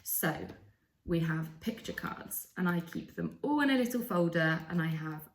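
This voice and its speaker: A woman explaining and slowly demonstrating speech sounds as a speech therapist. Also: lowish voice, expressive. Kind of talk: instructional explainer. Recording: echoey room.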